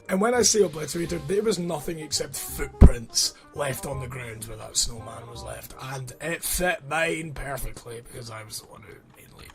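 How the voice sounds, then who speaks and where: A man's voice: on the high side, vocal fry. A young man, telling a storytime anecdote over gameplay and reacting to the game as he goes. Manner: animated, breaks off to react to the game. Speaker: gaming storyteller. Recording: background music under voice.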